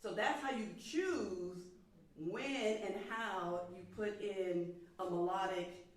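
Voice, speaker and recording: A woman's voice: mid-range voice, slow pace. A woman coaching a singer in a masterclass, encouraging and sometimes singing phrases to show what she means. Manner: encouraging, talks over the singing, demonstrates phrases by singing. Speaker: vocal coach. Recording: echoey hall, mic far off.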